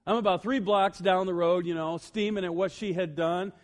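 A man preaching a sermon as pastor, telling humorous personal stories and swinging from loud emphasis to quiet, earnest asides. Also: high voice, steady tone, normal speed.

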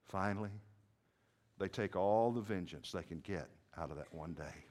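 A man preaching a dramatic sermon as a story, swinging from hushed murmurs to shouts. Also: low-pitched, normal speed. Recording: echoey hall with long reverb.

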